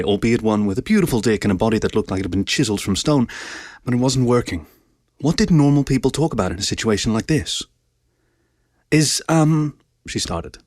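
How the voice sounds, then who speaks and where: A man reading a story aloud with even, steady narration. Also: lowish voice, no echo, clean studio sound. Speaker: story reader.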